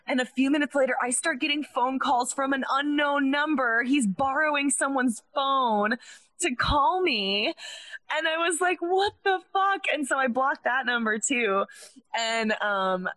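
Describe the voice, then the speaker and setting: A woman's voice: high voice, unhurried, a bit bright. A young woman, a stand-up comedian, telling a personal story in a casual chat and filling her speech with "like". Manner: chatty, fills speech with "like".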